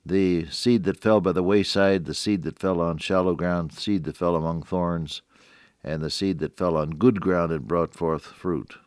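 A man's voice: sits low, steady tone, a little slow, no room sound, clean studio sound. An older man giving a radio devotional sermon, earnest, quoting scripture in old wording and swelling on key phrases. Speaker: radio preacher.

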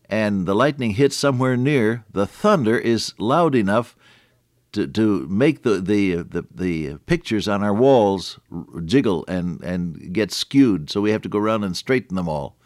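Older man, radio preacher, very low voice, lively rising and falling delivery, folksy sermon, dry close sound. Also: a little slow, no room sound. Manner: folksy, conversational, with frequent restarts and Scripture quoting.

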